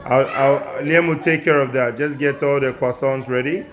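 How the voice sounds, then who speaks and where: A man, a childcare educator gently encouraging and instructing children as they cook. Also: mid-range voice, fairly even intonation, moderate pace, muffled recording, soft background music. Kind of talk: instructing children while cooking.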